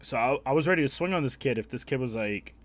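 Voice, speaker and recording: A young man streaming a game, telling a story in a blunt, heavily profane, animated way. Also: medium pitch, fast. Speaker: live streamer. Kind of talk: casual storytelling while gaming.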